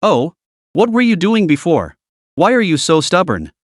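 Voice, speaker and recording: A man's voice: sits high, very animated, moderate pace, dry recording, clean studio sound. A man voicing a cocky, crude young man who swears his way through trouble. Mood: mocking. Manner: blunt, swearing inner monologue.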